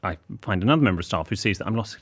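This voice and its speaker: A man in his thirties, an etiquette expert co-hosting a casual comic podcast, telling stories in a fussy, animated way. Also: lowish voice, very fast, slightly rough. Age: 30s.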